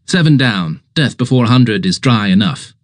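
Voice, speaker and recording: Guy doing a plummy excitable posh young gent, voice leaping up high, dry close sound. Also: normal speed, dry recording, close to an everyday voice. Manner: exclamatory, eager, plummy. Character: excitable young English gentleman, cheerfully dim.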